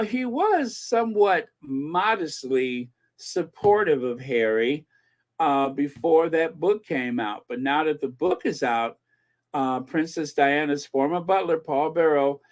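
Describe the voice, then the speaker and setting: A slow-talking man hosting a commentary channel, with a voice on the higher side. He rambles in casual chat, laughing between words and repeating himself.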